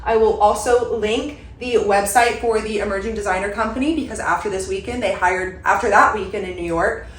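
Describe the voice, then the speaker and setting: A woman's voice: medium pitch, brisk, few pauses, a little hiss or hum. A young woman chatting casually to her viewers from a room at home, rambling and filling her talk with "like". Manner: chatty, rambling, lots of "like" fillers. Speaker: content creator. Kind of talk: casual vlog chat. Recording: roomy echo.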